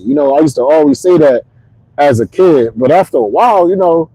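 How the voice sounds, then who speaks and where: A man's voice: a little high, a little fast, slightly rough, no room sound, low-quality recording. A man in his thirties from Connecticut, a comedian host rambling through a casual monologue from his car. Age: 30s. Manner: rambling, animated storytelling. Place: parked car.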